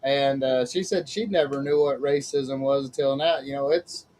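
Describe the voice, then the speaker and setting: A man's voice: mid-range voice, steady tone, moderate pace, a little mellow, a little hiss or hum, low-quality recording. A man hosting a casual chat as a minister, folksy and chatty, laughing often. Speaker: host, minister.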